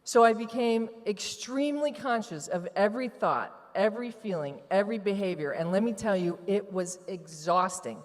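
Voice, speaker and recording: A woman's voice: medium pitch, animated, normal speed, few pauses. A woman giving a candid, emotional personal testimony to a live audience from a stage. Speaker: retreat participant giving testimony. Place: large event hall on stage. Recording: long hall reverb from a live venue.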